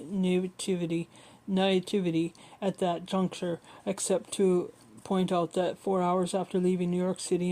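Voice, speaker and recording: A woman reading a memoir aloud in a steady manner, often stumbling and correcting herself. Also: fairly low pitch, low-quality recording. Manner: steady reading with frequent slips and self-corrections. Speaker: audiobook reader.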